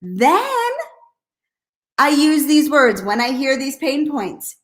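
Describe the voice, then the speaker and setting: A woman coaching network marketers on a live stream, energetic and blunt, repeating "okay?" and acting out hesitant and excited voices. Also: high voice, slow.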